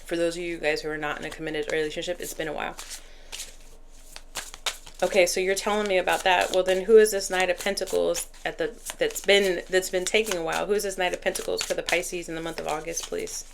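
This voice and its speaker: A woman giving a casual tarot reading in a slightly low voice. She keeps up a chatty flow, talking to the cards and to spirit as she shuffles. A faint noise runs under the recording. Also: fairly even intonation, quick pace, vocal fry. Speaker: tarot reader.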